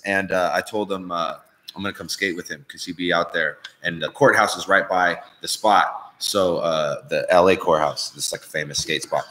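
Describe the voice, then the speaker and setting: A man's voice: low voice, pushed and bright, slight background noise, poor audio. A man hosting a live-stream show, chatting casually in a profane, rambling, jokey way. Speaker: podcast host.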